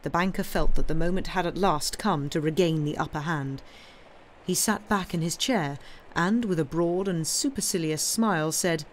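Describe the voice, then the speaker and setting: A woman reading a classic novel aloud on a livestream, narrating in an even, measured way. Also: lowish voice, slight background noise. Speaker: reader.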